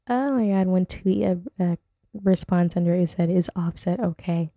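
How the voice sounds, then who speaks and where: A woman's voice: lowish voice, moderate pace, mellow, no echo, clean studio sound. A woman hosting a casual podcast from home, whose first language is not English, chatting in a rambling, giggly way and getting sidetracked easily. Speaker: podcast host. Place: at home with her dog nearby.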